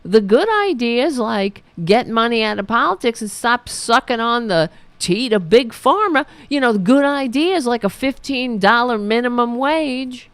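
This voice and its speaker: Sarcastic woman ranting, lively swings. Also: on the high side, measured pace, hardly any pauses, clean tone, dry recording. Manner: sarcastic, profane, mocking. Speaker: podcast host. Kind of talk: political commentary rant.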